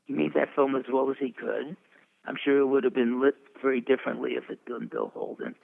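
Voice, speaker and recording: An older man in his eighties spins long, wandering show-business stories and keeps chuckling as he goes. His voice is deeply gravelly and full of fry. It reaches the listener through a thin, phone-like channel. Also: expressive, quick pace. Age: 80s. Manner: chuckling, rambling storyteller. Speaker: veteran publicist guest. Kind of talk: anecdotal interview storytelling. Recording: tinny phone-like line.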